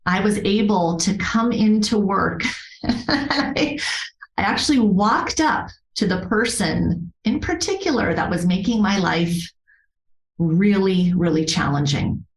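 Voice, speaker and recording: A woman's voice: medium pitch, slow. Earnest woman storyteller, roomy echo. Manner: earnest and animated, laughs often, emphatic repetitions. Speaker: guest, yoga therapist. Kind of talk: conversational interview storytelling.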